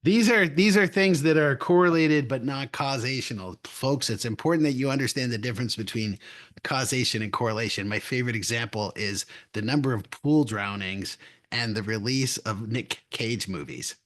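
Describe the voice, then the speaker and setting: A man's voice: mid-range voice, normal speed, a bit bright. Rambling middle-aged male podcast co-host. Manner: rambling storyteller, chuckles often, frequent restarts. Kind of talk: casual chat.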